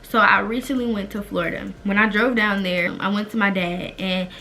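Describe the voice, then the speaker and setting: Bright-voiced young woman telling a story. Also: medium pitch, a little fast, a little hiss or hum. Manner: emphatic, animated, slangy retelling. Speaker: vlogger. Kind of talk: storytime vlog.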